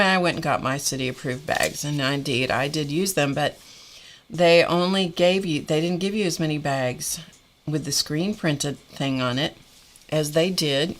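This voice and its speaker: A woman's voice: low voice, fairly bright tone. A middle-aged woman hosting a live stream, telling a story in a wry, exasperated way with frequent laughs. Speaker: host of a live art stream. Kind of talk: casual storytelling chat.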